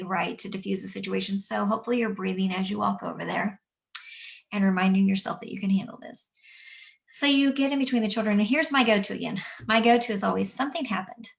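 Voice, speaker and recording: A woman who teaches young children, explaining calmly and gently and acting out what she says to kids. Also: mid-range voice, fairly quick, gravelly, recorded from a distance. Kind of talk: instructional talk. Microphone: camera mic at a distance.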